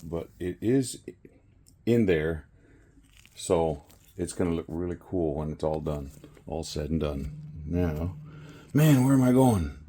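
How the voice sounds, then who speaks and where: Low-voiced man rambling through a craft project. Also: takes it slowly, long pauses, warm tone. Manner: rambling, self-correcting, chuckles at himself. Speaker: resin crafter. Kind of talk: casual crafting narration. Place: home craft workspace with camera on a tripod.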